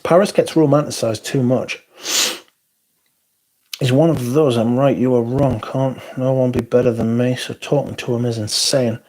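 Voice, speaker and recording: A man's voice: mid-range voice, fairly even intonation, moderate pace, darkish tone. A man hosting a casual livestream, reading out viewer comments and answering them in a blunt, sweary, sardonic way. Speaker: livestream host.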